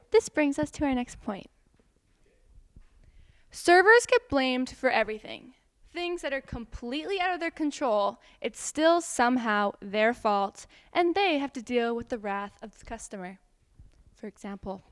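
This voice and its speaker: A young woman with a slightly high voice delivers a satirical TED-style talk. Her sarcastic, mock-dramatic tone keeps breaking into laughter. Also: lively intonation, a little slow, a bit bright, clean tone. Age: young adult. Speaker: student presenter.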